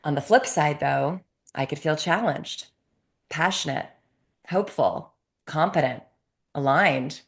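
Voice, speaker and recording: A middle-aged woman from Canada answers interview questions with the energy of a storyteller. Her voice sits low, and she breaks into laughter as she talks. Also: unhurried, long pauses. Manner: animated storyteller, laughs often. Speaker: guest, sports psychologist.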